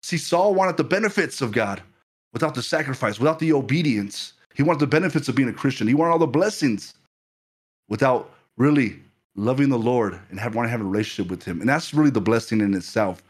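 A man's voice: medium pitch, lively intonation, a little fast, breathy edge. A male pastor preaching a fervent sermon, often repeating himself and asking the listeners if they are still with him.

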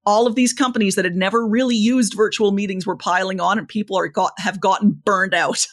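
Expressive woman with a lively pitch. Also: a little fast. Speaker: podcast guest, speaking coach. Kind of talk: conversational interview.

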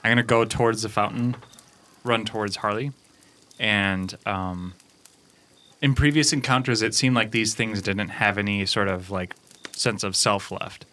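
A man's voice: lowish voice, steady tone, unhurried, sharp tone. A man playing a tabletop role-playing game, talking through his moves in a casual, thoughtful way. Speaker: player.

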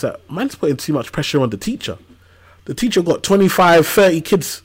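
A man in his thirties, a podcast guest who tells lively stories in casual slang. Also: fairly high pitch, a little fast, breathy edge. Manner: animated storytelling with casual slang. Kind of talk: casual conversational interview.

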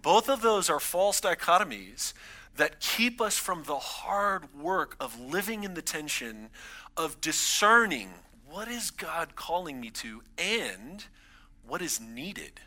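Bright-voiced male pastor preaching. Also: fairly high pitch, very animated, slow pace. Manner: conversational preaching, builds emphasis on key lines. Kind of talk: sermon.

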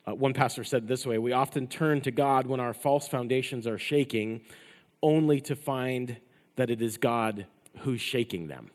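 A male pastor preaching a sermon, rising to loud emphatic passages and dropping to hushed endings. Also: medium pitch, normal speed. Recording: long reverb of a large hall.

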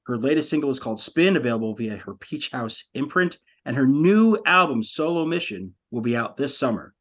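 A man's voice: medium pitch, big pitch swings, a little fast, a bit bright, muffled recording. A man co-hosting a podcast, chatting casually about a movie and retelling scenes with laughter. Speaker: podcast co-host.

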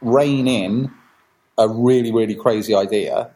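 A man's voice: medium pitch, measured pace, poor audio. A man, a podcast guest talking casually and acting out quoted reactions in playful voices. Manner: animated, acts out quoted reactions with jokey voices. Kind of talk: casual conversational interview.

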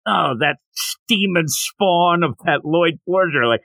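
On a rough recording with no echo, a podcast host with a slightly high, slow, gravelly voice chats casually while recapping a manga chapter. He retells it animatedly and quotes the characters' lines.

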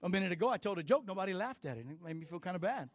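Male pastor, middle-aged, high voice, dry close sound, chatty sermon delivery with restarts and jokes. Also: racing, no room sound. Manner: conversational and animated, with many restarts and playful asides.

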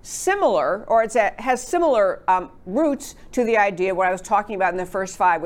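Chatty woman hosting a talk show. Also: mid-range voice. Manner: chatty, rambling asides. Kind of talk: conservative talk show monologue.

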